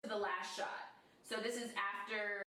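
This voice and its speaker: A woman's voice: mid-range voice, steady tone, unhurried, bright, forceful tone. A woman narrating a clip from her own video, explaining things plainly. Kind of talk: vlog narration. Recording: roomy, far from the mic.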